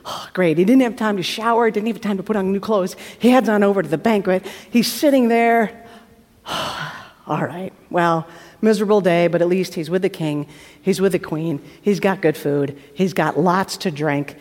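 A woman preacher retelling a story in a lively sermon, acting out the characters and dropping to a hush at tense moments. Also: medium pitch, normal speed. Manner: acts out the characters with shifting voices, drops to hushed tones. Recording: hall reverb from a live talk.

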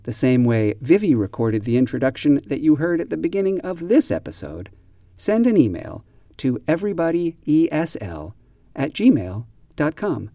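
Lively-voiced man teaching English slowly. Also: on the high side, no echo, studio quality. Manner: spells words out and stresses them deliberately. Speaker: podcast host and English teacher. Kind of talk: slow, careful teaching explanation.

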